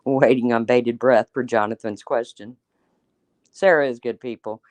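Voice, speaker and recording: A woman's voice: a bass voice, steady tone, normal speed, darkish tone, dry recording. A woman hosting a casual livestream, chatting and teasing as she answers viewers by name. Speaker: livestream host. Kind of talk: casual livestream chat reading viewer comments.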